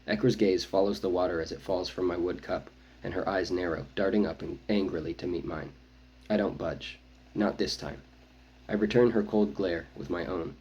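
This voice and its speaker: A man reading his own novel aloud, first-person audiobook narration with a measured, brooding delivery. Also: low voice, a little mellow, slight background noise, low-quality recording.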